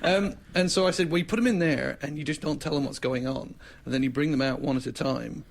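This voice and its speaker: A man guesting on a podcast casually tells an anecdote, bringing it to life by performing the voices of the people in it. His voice is a little high, brisk and creaky.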